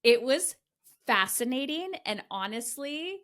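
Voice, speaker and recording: Speaking in a high voice at a measured pace, a middle-aged podcast host shares a personal story candidly. Her delivery is emphatic, with frequent swearing and animated retellings.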